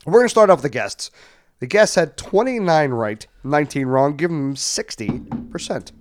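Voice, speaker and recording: A man's voice: on the high side, lively intonation, normal speed, a little hiss or hum. A man hosting a podcast among friends, joking, laughing and announcing game segments in a playful, announcer-like way. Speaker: podcast host. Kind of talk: casual chat.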